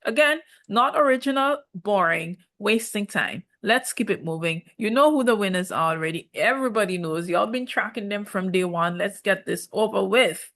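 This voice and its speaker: A woman gives a casual, sassy review of a reality TV season. She talks sarcastically and mimics people in mocking quoted voices. Her pitch sits in the middle range. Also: animated, normal speed, few pauses, fairly bright tone. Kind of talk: casual vlog commentary.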